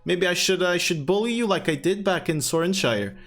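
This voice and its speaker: A man voicing a brash, teasing young woman who is the hero's best friend, in a high put-on voice during a tabletop game. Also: lively intonation, fairly quick. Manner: loud, mocking, high put-on voice.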